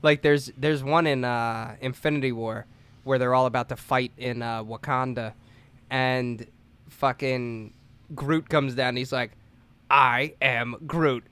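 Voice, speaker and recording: A man's voice: mid-range voice, steady tone, a little slow, a bit bright, clear, resonant tone. A man co-hosting a casual podcast, rambling through movie stories with fillers and crude jokes. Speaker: podcast co-host. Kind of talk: casual chat.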